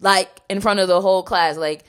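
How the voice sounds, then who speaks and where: A woman's voice: mid-range voice, moderate pace. A young woman co-hosting a podcast, chatting casually and acting out what people said to her. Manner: animated storytelling, acts out quotes. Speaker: podcast co-host. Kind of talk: casual chat.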